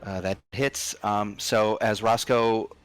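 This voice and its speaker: Low-voiced man narrating a tabletop game. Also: slow, smooth, soft background music. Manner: relaxed narration with frequent ums and uhs. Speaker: game master.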